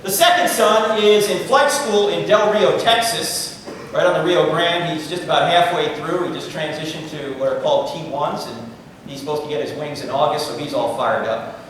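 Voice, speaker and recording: A middle-aged male guest speaker with a higher-register, slightly bright voice gives a humorous lecture to a live audience in a large university lecture hall. He's joking and conversational, tossing quick asides to the crowd. The hall's booming echo is strong, his voice is picked up from far off, and there's a little hiss or hum.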